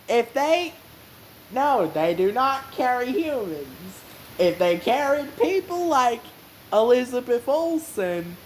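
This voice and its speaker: A woman's voice: medium pitch, slight background noise, poor audio. A woman hosting a casual explainer vlog in a rambling, meandering way. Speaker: vlog host.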